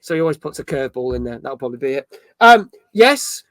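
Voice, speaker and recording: A man's voice: mid-range voice, sing-song, fast talker, fairly bright tone, dry recording. A middle-aged man from Birmingham with a Birmingham accent, hosting a casual gaming chat show. He chats loosely, swears freely and jokes about himself. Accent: Birmingham English. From England. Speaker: podcast host.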